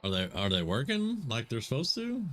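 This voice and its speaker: A man's voice: medium pitch, huge pitch swings, moderate pace, fairly bright tone. A man streaming a video game live, commenting in a chatty, muttering way as he plays.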